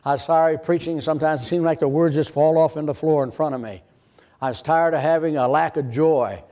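An older man from Michigan preaching a sermon as pastor, telling his story in a hushed voice and then rising to loud pleading. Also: a little high, fairly even intonation, brisk.

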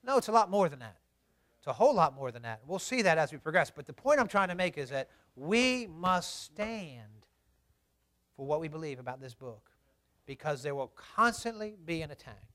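Man, pastor's sermon, high lively voice, storytelling delivery. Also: normal speed. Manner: animated storytelling, swings from soft asides to loud emphatic preaching.

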